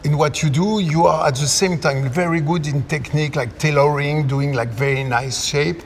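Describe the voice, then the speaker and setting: A man's voice: on the high side, fairly even intonation, normal speed. A man chatting in an interview, enthusiastic and rambling. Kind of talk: casual interview chat. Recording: faint noise in a reverberant hall.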